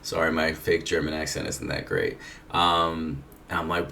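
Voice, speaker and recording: Deep-voiced man telling a rambling story. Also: fairly even intonation, normal speed, gravelly, sharp tone. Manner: profane, rambling, laid-back. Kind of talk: casual anecdote telling. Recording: distant mic with faint noise.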